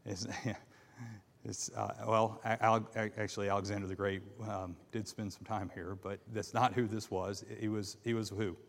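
A man teaching a Bible class, reading scripture aloud in a halting way with many fillers and restarts, and asking his class questions. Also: fairly low pitch, level tone, gravelly. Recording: long reverb in a hall.

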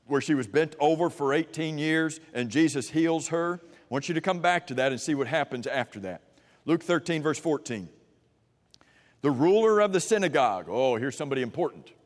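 A man preaching a sermon in an animated way, swinging from emphatic peaks to quiet asides, in a church sanctuary. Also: fairly high pitch, long reverb tail.

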